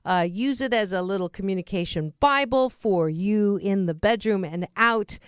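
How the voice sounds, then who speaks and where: A woman's voice: mid-range voice, normal speed, smooth, dry recording, clean studio sound. A middle-aged woman hosting a radio interview, chatty, laughing at herself and restarting sentences. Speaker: host.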